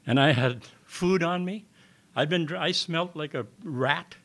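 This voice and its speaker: Older man telling his story, somewhat high voice. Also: measured pace, a bit bright. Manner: plain folksy storytelling, acts out dialogue. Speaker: recovery meeting speaker. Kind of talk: personal testimony to an audience. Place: meeting hall.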